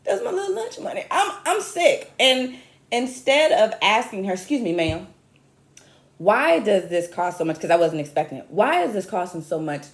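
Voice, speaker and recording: Animated woman comic, roomy echo. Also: normal speed. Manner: animated, chatty, self-mocking with sudden high squeals. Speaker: comedian host. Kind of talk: comic storytelling monologue.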